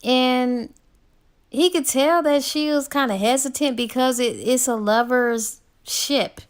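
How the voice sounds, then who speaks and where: A woman's voice: sits high, slow pace, clear, resonant tone. A woman casually retelling a novel's plot as a book reviewer, chatty and laid-back, full of ums and likes.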